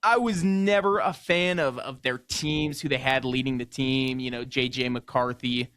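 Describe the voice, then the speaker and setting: A young man co-hosting a local sports radio show, agreeable and casual, with halting restarts. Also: mid-range voice, steady tone, fairly bright tone, clear, resonant tone, dry recording.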